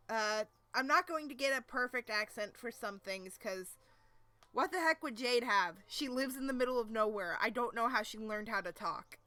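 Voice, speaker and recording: A woman's voice: on the high side, bright, forceful tone, smooth. A woman streamer reading a webcomic aloud on a casual live stream, chatting and laughing between passages. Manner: chatty, laughs often, asides to chat.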